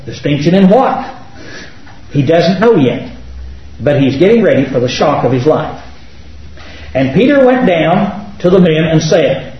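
A man's voice: a little high, very animated, unhurried, long pauses. A man teaching a Bible study class, emphatic and full of rhetorical questions to his students, recorded in a classroom. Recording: muffled lo-fi, echoey room, far mic.

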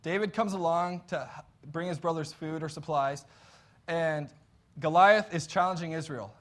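A man's voice: a little high, normal speed. A man preaching a sermon in an earnest, conversational storytelling way.

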